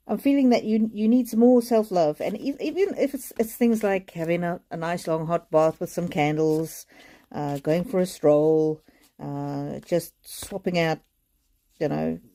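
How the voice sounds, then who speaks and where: A woman giving a live oracle card reading, speaking gently and reassuringly to viewers in a chatty way with many fillers, often close to tears. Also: fairly low pitch.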